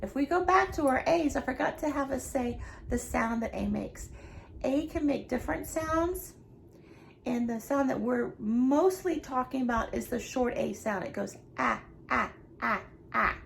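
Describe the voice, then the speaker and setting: A woman teaching a remote lesson to young children, speaking slowly and cheerfully to them as their preschool teacher. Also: high-pitched, vocal fry, slight background noise. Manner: slow, cheerful, talking to children.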